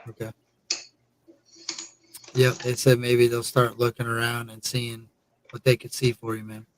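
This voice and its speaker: A man's voice: medium pitch, monotone, a little slow, a little hiss or hum, low-quality recording. A tired man hosting a casual live stream in a laid-back, rambling way, thanking his chat. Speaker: host.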